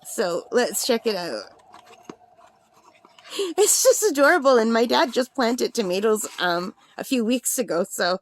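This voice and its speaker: Bubbly woman craft host, overtired and giggling, rambling unboxing chat, high-pitched. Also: very animated, a little slow. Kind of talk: casual unboxing vlog.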